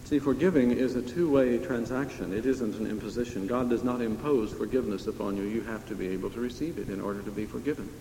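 A man's voice: medium pitch, fast talker, hardly any pauses, mellow, slight background noise. A man preaching a sermon in a conversational, emphatic way, asking his listeners questions. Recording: echoey hall with long reverb.

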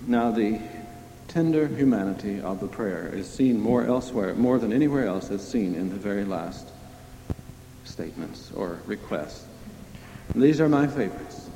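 This preacher has a lowish, dark voice with lively intonation and speaks at normal speed, asking listeners questions in a conversational, emphatic style. Faint hiss or hum sits under the long reverb of an echoey hall.

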